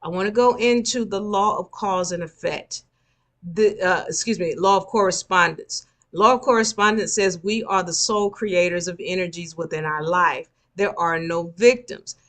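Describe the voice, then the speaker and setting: Bright-voiced woman teaching emphatically. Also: on the low side, moderate pace. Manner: emphatic, repeats key points. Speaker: spiritual teacher. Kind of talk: live online lecture.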